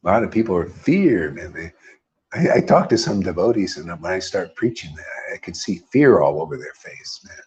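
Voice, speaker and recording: A man's voice: low voice, sing-song, moderate pace, a little mellow. A middle-aged man giving an informal scripture sermon, emphatic, with rhetorical questions and repeated key words. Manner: emphatic, keeps calling listeners "man". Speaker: spiritual teacher. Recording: dull lo-fi recording.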